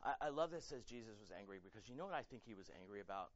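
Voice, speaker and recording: A man's voice: fairly low pitch, animated, rapid-fire, dry recording, dull audio. A male pastor preaching a sermon with passion, often repeating and restarting words, emotionally raw. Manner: impassioned, repeats words and restarts, rising to near-shouting.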